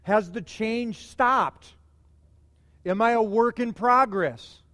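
Man, pastor, middle-aged, high voice, conversational sermon, long church reverb. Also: slow pace. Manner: conversational preaching, animated emphasis.

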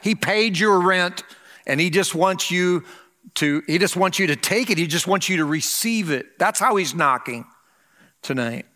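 The long reverb of the church surrounds an older pastor delivering his Christmas sermon from the pulpit. His voice is high and bright with lively intonation, and he speaks earnestly, lingering slowly on important phrases.

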